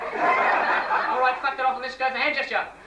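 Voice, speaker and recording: Aussie comic with a very high voice, pompous and cheeky, rallying the crowd, sounds far off and echoey. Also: male voice, huge pitch swings, moderate pace, muffled recording, very noisy. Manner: mock-grand, rallying, cheeky. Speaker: comedian. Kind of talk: live comedy crowd work. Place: pub stage with an audience. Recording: echoey pub from a far camera.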